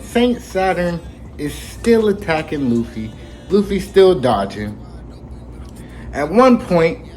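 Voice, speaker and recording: A man hosting a casual anime chapter recap, telling it with lively slang and acting out the characters. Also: sits high. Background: faint background music.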